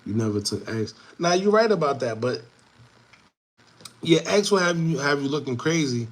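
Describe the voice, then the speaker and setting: Speaking at a moderate pace in a voice on the high side, the host of an online commentary show addresses viewers casually. He's animated and repetitive, breaking off into laughing asides.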